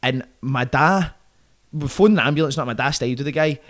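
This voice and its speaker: This podcast guest, a twenty-something from Scotland with a Glaswegian accent, has a fairly bright, mid-range voice and an even pace. He chats casually, telling colourful, sweary tales peppered with "mate" and "right?".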